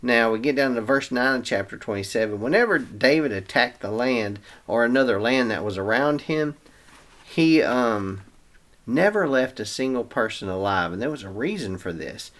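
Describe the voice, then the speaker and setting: A man's voice: medium pitch, lively intonation, moderate pace, a bit bright. A man hosting a Bible reading show, retelling scripture in a casual, chatty way with everyday slang.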